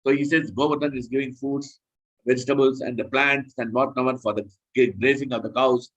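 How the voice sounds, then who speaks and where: A man's voice: medium pitch, fairly even intonation, a little fast, a bit bright, dull audio. A man preaching a scripture class in an earnest, repetitive, instructive way.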